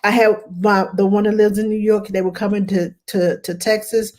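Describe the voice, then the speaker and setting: A woman's voice: medium pitch, flat delivery, moderate pace, a little mellow. A woman who is a career nanny, chatting casually and telling stories, acting out the voices of the people she quotes and laughing often. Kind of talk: casual conversation, storytelling.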